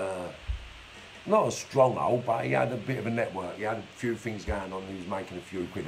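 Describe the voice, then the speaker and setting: A man's voice: on the low side, slight background noise, rough recording. A man telling his life story on a live stream in a blunt, streetwise way, swearing constantly. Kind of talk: casual storytelling monologue. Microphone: phone or webcam for a live stream.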